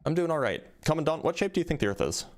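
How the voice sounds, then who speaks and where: A man's voice: a little high, very animated, very fast. A man hosting a live debate stream, talking casually with lots of fillers and restarts. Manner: casual, hesitant, many fillers.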